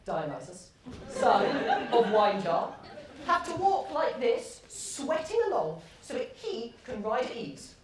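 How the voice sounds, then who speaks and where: A young woman acting the god Dionysus on stage, a vain, boastful male god who complains loudly. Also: a little high, big pitch swings, takes it slowly. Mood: outraged. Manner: indignant, theatrical. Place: theatre stage. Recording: echoey hall, far from the mic.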